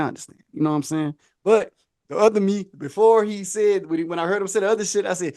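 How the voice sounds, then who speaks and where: A man with a high-pitched voice chats on a podcast and tells a story, acting out the lines of other people as he goes. He laughs often, and the sound is dry and close with no room echo. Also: fast talker, darkish tone. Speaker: podcast co-host. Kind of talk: casual chat, storytelling.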